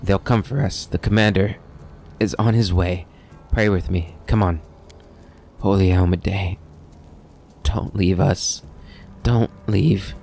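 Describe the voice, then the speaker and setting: A man's voice: sits low, fairly even intonation, takes it slowly, long pauses, a little mellow, faint music behind. A man reading aloud the lines of a wounded woman praying for rescue in a video game, in a plain read-aloud delivery. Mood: pleading.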